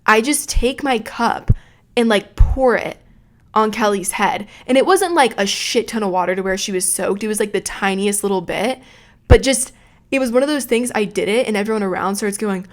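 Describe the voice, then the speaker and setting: A woman's voice: mid-range voice, normal speed. A young woman in her early twenties hosting a casual storytelling podcast, talking in a chatty, profane way. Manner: chatty and profane, retelling a night out. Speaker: podcast host.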